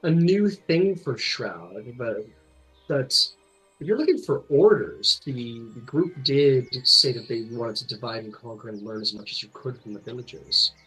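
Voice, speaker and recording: A man's voice: medium pitch, lively intonation, moderate pace, a bit bright, husky, faint music behind, low-quality recording. A man narrating as game master, rambling with many fillers and restarts.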